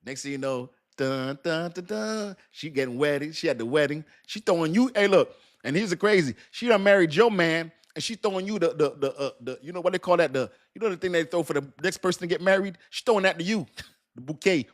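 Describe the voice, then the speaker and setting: A man giving animated, casual crypto commentary, laughing often and preaching with slang. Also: on the high side, quick pace. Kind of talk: casual talk to camera.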